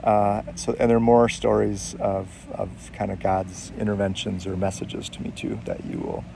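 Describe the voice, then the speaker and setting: A man telling a personal story in casual speech, halting and reflective, with frequent pauses. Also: lowish voice, flat delivery, gravelly, mellow, slight background noise. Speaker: storyteller sharing personal faith experiences.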